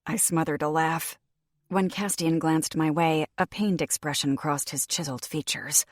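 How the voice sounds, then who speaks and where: Low-voiced woman reading an audiobook. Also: steady tone, normal speed, no room sound, clean studio sound. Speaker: audiobook narrator. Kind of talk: scripted narration.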